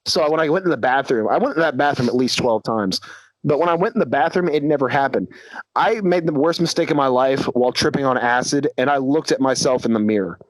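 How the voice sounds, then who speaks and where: A man's voice: medium pitch, fast talker, dry recording. A young man, a podcast co-host, casually telling a crude story with lots of laughter, acting out his friends' lines.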